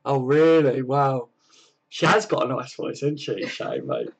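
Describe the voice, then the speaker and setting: A man hosts a casual livestream from home, reading viewer comments and chatting warmly, calling everyone mate. His medium-pitched voice swings widely in pitch, is unhurried, and has vocal fry and a slight roughness.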